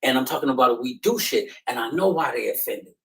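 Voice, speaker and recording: A man's voice: medium pitch, animated, fast talker, vocal fry, rough recording. A man hosting a podcast, talking in an emphatic, slangy, preaching way. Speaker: podcast host. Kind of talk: casual chat.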